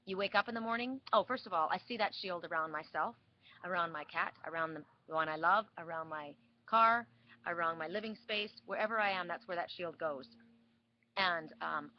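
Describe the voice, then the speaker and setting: A woman's voice: fairly low pitch, fairly quick. A woman giving a weekly spiritual card reading, telling a story with many restarts and repeats. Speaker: oracle card reader. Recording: dull lo-fi sound with faint hiss.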